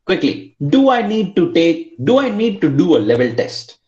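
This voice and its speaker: A man's voice: high voice, very animated, moderate pace, a little mellow, echoey room, lo-fi sound. A male English teacher giving an online class, repeating prompts and coaxing his students to answer.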